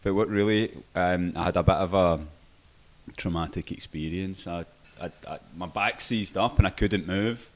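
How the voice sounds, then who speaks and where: A man's voice: deep voice, moderate pace. A young man co-hosting a podcast, telling a long story in a rambling, loose way and swearing freely. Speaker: podcast co-host. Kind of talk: casual chat.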